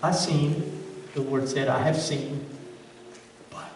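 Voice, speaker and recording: Earnest preacher in an echoey church. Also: male voice, mid-range voice, little pitch movement, takes it slowly, vocal fry, a little hiss or hum. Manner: earnest, repeats words when stressing a point. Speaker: pastor. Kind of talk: sermon. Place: church sanctuary. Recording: roomy church sound from far off.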